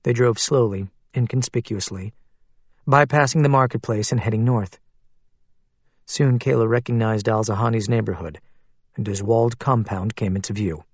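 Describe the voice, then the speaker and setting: Steady male audiobook narrator. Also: lowish voice, normal speed, husky, no echo. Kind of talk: scripted thriller narration.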